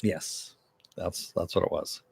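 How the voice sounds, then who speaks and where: Low-voiced man recapping a TV episode. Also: steady tone, takes it slowly, gravelly, slightly rough, no echo. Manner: conversational, with frequent filler. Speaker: TV show reviewer.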